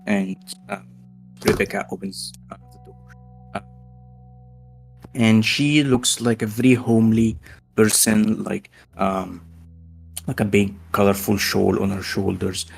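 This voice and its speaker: A man narrating a tabletop game as game master, halting often and filling gaps with fillers. He speaks very slowly in a gravelly, low voice while faint music plays behind him. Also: fairly even intonation. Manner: slow, halting, with many fillers.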